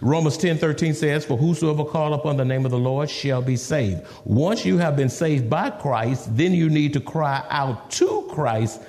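A man's voice: fairly high pitch, moderate pace, few pauses. Male preacher, sermon, dramatic scripture voices, long hall echo. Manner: animated, laughing asides, acts out scripture in a raised voice.

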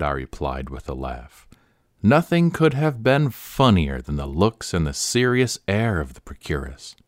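A male podcast host reads a short story in a deep, lively voice, with measured and expressive narration. He is close on a studio mic. The sound is dry, with no room around it. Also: dry recording. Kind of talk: scripted narration.

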